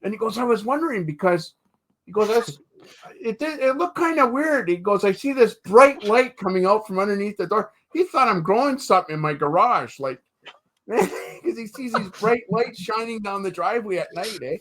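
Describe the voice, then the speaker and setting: A man's voice: high voice, animated, moderate pace, a bit bright. A man guesting on a podcast, telling stories in a chatty way and tagging sentences with "eh" and "right". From Canada. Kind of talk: casual storytelling chat.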